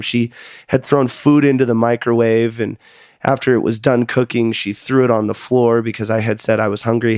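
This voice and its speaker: A man's voice: mid-range voice, level tone, moderate pace, a little mellow, smooth, no room sound. Guy on his podcast telling his life story, earnest and confessional, medium voice, dry close sound. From United States. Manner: earnest, confessional, repeats words when emotional. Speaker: podcast host. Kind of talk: personal storytelling monologue.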